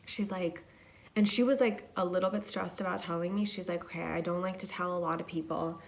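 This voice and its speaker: A woman's voice: fairly low pitch, steady tone, fairly quick. A young woman hosting a podcast alone, telling a story in a chatty, casual way, swearing and saying "like" a lot. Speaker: podcast host.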